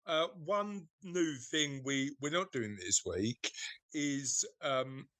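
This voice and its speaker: A man's voice: a little high, lively intonation, takes it slowly, a bit bright, no echo. A man co-hosting a podcast in casual chat, teasing and rambling with many fillers. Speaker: podcast co-host.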